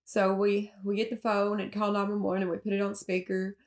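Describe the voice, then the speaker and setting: Gravelly Southern woman recounting haltingly. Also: mid-range voice, completely flat delivery, darkish tone. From Alabama. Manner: halting, with frequent fillers and restarts; emotional, with nervous laughs at hard moments. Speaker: interviewee telling her own story. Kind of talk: personal recounting in an interview.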